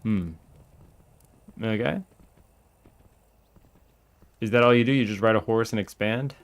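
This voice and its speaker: A man giving casual let's-play commentary as he streams a game, excitable and yelling at the characters in mock outrage. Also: fairly low pitch, unhurried.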